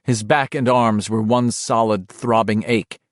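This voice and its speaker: A man's voice: on the low side, fairly even intonation, unhurried, no echo, studio quality. A man narrating a horror novel as an audiobook, in a dramatic, varied reading.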